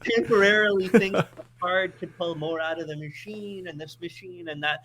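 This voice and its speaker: With slight background noise behind him, a high-voiced man from Montreal talks at normal speed. His casual podcast storytelling is animated, with lots of restarts and repeated words.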